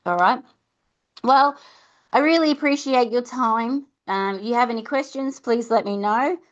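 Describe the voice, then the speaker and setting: A woman's voice: fairly high pitch, measured pace, highs cut off. A woman hosting a podcast, talking casually and giving reassuring advice to mums, sometimes acting out little conversations with a child. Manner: chatty, warm reassurance, acts out mum-and-child exchanges. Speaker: podcast host.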